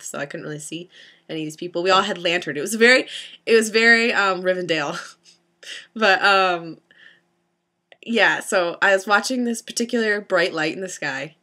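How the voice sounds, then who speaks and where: A young woman telling a story in a casual vlog, giggly and excitable, rambling with many restarts. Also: mid-range voice. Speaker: vlogger.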